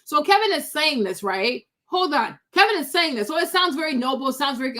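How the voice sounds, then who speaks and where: A woman's voice: high-pitched, expressive, moderate pace, fairly bright tone. A woman giving blunt, chatty commentary as she reacts to video clips. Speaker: commentary streamer.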